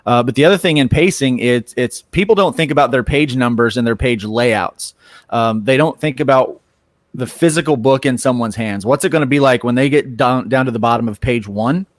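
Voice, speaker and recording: A man's voice: mid-range voice, a little fast. A male comics creator speaks on a panel in a loose, rambling way, full of restarts and fillers. The sound is dry and close, with no room echo. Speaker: comic book writer and artist on a panel. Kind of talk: casual panel talk.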